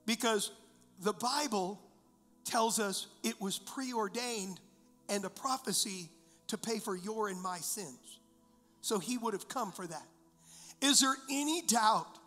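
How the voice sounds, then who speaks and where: High-pitched pastor guy preaching, lots of repeating and questions, long church echo, faint music under it. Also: bright, forceful tone. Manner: repetitive, emphatic preaching with rhetorical questions. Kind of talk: sermon.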